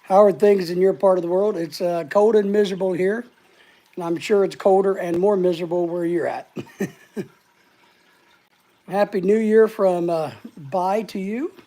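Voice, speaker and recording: A woman's voice: on the low side, normal speed, pauses often, dark tone. Breathless woman hosting a casual live stream. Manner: rambling, greets viewers by name. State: short of breath.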